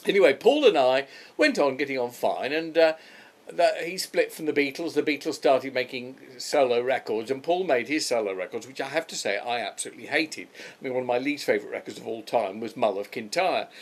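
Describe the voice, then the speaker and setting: Animated older man telling stories. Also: mid-range voice. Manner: animated, puts on quick voices for others. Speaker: storyteller. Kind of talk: anecdotal storytelling.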